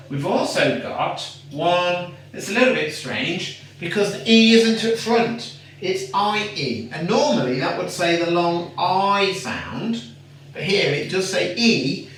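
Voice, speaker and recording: A teacher giving a patient phonics lesson to a young child, sounding out words slowly and praising often. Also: mid-range voice, fairly bright tone, distant mic. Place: home room. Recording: echoey room, away from the mic, faint noise.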